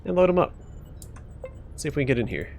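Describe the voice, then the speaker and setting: A man's voice: on the high side, very animated, fast, gravelly, a little mellow, a little hiss or hum. A man hosting a let's play, reading game text aloud and casually thinking aloud as he plays.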